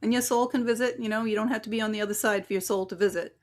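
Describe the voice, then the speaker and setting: A woman's voice: a little high, steady tone, racing. Chatty woman guest, spiritual medium. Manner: chatty, acts out quoted voices in anecdotes. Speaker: psychic medium and relationship coach, guest. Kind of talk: casual storytelling interview.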